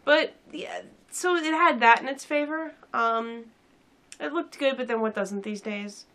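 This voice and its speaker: A woman's voice: high-pitched, measured pace, a bit bright. A young woman casually reviewing a film in a sarcastic, rambling way with many fillers.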